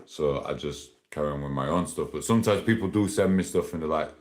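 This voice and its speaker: A man's voice: very deep voice, fairly quick, darkish tone. A man chatting casually and rambling on a morning live stream, laughing often. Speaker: livestreamer.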